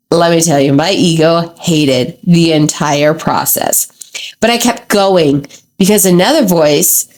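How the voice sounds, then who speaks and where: A woman in her thirties hosting a solo podcast, telling a candid, raw confession with frank asides to the listener. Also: lowish voice. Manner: candid and raw, with asides like "let me tell you" and "okay?". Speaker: podcast host.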